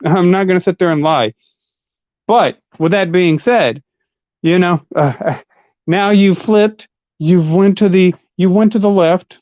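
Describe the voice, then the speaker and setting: A man's voice: high-pitched, slow, no room sound. A man ranting on a livestream in a combative, heavily profane and mocking way. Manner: argumentative, mocking. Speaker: livestream commentator. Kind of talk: live-stream rant. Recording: muffled lo-fi audio.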